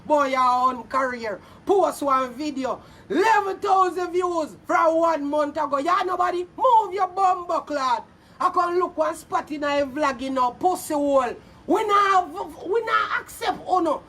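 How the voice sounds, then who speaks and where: A woman with a Jamaican accent ranting angrily on a vlog, loud and profane, hurling insults and often shouting. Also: sits high, measured pace. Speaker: vlogger. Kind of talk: angry social media rant. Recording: voice a little far from mic, faint background noise.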